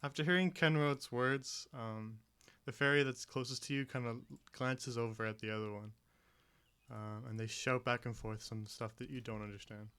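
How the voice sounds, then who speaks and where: A man narrating a tabletop game as its game master. His voice is smooth and resonant at an ordinary pitch, and he describes the scene in a measured way, pausing on fillers. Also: fairly even intonation, sharp tone. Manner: measured, with frequent hesitation fillers.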